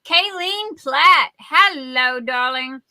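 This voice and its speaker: Southern lady on a livestream, high bright voice, rambly and sweet with the viewers, dry close mic. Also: animated, slow, no echo. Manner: rambling, chatty, greets viewers with endearments. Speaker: livestream host. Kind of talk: casual livestream chat.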